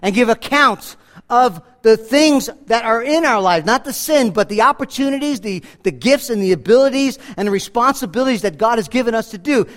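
Male pastor, high voice, earnest conversational sermon, church reverb. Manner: earnest, conversational preaching with emphatic asides. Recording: reverb from a large hall.

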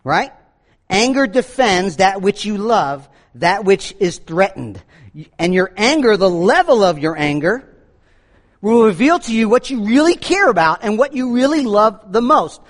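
A man preaching a sermon, animated, swinging between booming lines and low asides. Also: unhurried. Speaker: pastor.

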